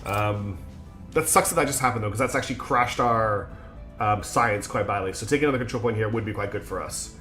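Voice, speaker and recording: A man with a mixed British accent, with traces of Scottish and Australian in it, streams and comments on a strategy game. He thinks aloud in a chatty way and fills pauses with "um". Faint game music plays underneath. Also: on the low side, pushed and bright. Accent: mixed British English with Scottish and Australian traces. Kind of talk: live gameplay commentary.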